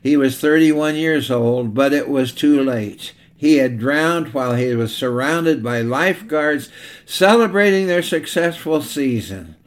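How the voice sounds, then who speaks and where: A pastor preaching a sermon, telling illustrative stories in an earnest way and slowing down to stress key lines. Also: male voice, mid-range voice, lively intonation.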